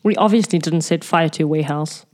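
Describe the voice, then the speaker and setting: A woman's voice: sits low, quick pace, a little mellow. A woman playing a tabletop game, stating her character's moves in a matter-of-fact way. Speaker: player. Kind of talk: casual tabletop game talk.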